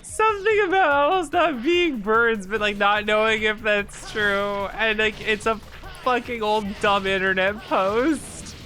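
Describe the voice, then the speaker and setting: A woman's voice: mid-range voice, measured pace, sharp tone. A woman streaming a video game who chats casually, laughs often, gets flustered and swears freely. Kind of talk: casual gameplay chat. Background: faint game music.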